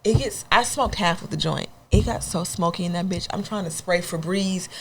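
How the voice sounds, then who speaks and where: A young woman co-hosting a podcast, telling a funny story in casual chat and jumping into high squeals when she acts out scenes. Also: normal speed, slight background noise. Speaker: podcast co-host.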